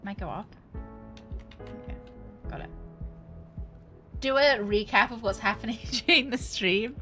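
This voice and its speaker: A woman's voice: fairly high pitch, unhurried, over music. A woman streamer chatting casually and jokingly while playing a game, laughing often. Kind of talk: casual gaming stream chat.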